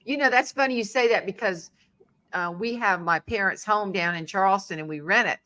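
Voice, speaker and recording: Bright, animated woman telling stories. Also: medium pitch, fairly quick. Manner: animated storyteller, acting out voices. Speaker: podcast host. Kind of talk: casual interview chat.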